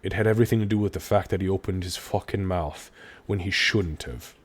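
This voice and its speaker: A man's voice: low voice, fairly quick, husky. A man voicing a resentful male dwarf guardsman who talks bluntly and swears. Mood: defensive.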